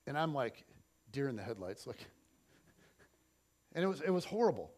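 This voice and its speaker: A middle-aged man preaching a church sermon and telling a personal story, swinging between loud and soft. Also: mid-range voice, very animated, normal speed. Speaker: pastor.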